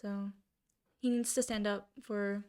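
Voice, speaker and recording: A woman's voice: medium pitch, flat delivery, a little slow, darkish tone, clean tone. A young woman co-hosting a podcast, telling rambling stories full of fillers in casual chat. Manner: rambling storyteller, many fillers. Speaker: podcast co-host.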